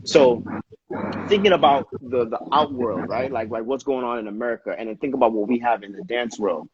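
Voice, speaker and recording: Slangy, animated man telling a story. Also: medium pitch, fairly quick. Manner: slangy, animated storyteller, frequent "yo" and "you know what I mean". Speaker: dancer and podcast co-host. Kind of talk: casual conversation, storytelling. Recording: slightly dull lo-fi audio with faint noise.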